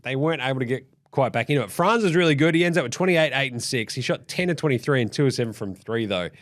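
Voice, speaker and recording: A man's voice: medium pitch, quick pace. A man hosting a casual, sweary sports recap. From Australia. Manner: sweary, blunt, animated. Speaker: host.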